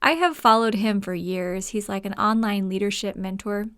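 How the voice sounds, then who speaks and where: Woman talking solo on her podcast, chatty, laughs a lot, says um and like, dry close sound, middle pitch. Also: moderate pace, fairly bright tone, clear, resonant tone, no room sound. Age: adult mother. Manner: chatty, laughs often, with frequent fillers. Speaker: podcast host. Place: home podcast room.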